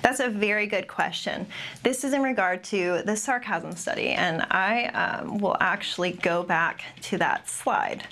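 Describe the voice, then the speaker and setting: A young adult woman, a behavior analyst, gives a webinar talk and answers questions, with many pauses and restarts. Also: medium pitch, pushed and bright, a little hiss or hum. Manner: careful, with frequent ums and restarts. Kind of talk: webinar presentation with Q&A.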